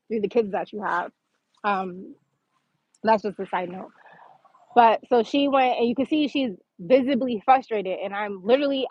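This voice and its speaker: A woman with a slightly high voice talks through a personal story on her livestream, loose and conversational, dropping "like" all the time. The sound is dull and lo-fi, close and dry with no room echo. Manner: chatty, filler-heavy with frequent "like". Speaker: livestream host. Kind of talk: casual storytelling monologue.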